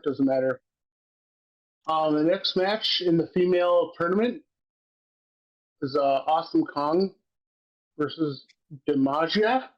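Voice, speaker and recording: High-voiced man, profane excitable storytelling. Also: highs cut off. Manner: profane, excitable storytelling, laughs while recapping. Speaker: wrestling podcast co-host. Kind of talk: casual chat.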